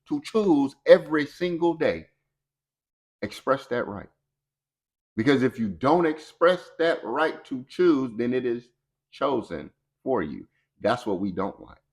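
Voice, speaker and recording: A middle-aged man giving a motivational talk on personal growth, lively and conversational, acting out quoted voices. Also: medium pitch.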